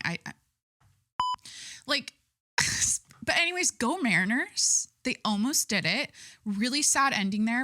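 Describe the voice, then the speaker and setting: A woman podcast host chatting casually on her own, rambling from one thing to the next with plenty of "like" and "you know." She talks with her full chest, forceful and unfiltered, at a middling pitch. Her voice sounds close and dry. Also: no room sound. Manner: chatty, rambling with many fillers. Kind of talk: casual solo podcast chat.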